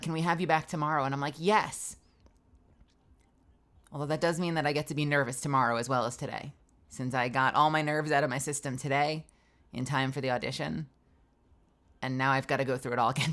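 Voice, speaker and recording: Woman streamer from her home booth, deep-ish voice, tells stories doing everyone's lines. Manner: animated storytelling, acts out both sides of conversations. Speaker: streamer and voice actor. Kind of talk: casual stream chat.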